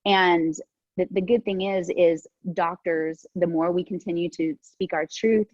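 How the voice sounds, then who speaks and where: An earnest woman in her forties talks over a video call with a husky, slightly breathy voice. The sound is dry and dull, like lo-fi call audio. She often laughs lightly and fills her pauses with ums. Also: on the low side, fairly even intonation, a little mellow, no room sound. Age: 40s. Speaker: panelist. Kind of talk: casual video call discussion.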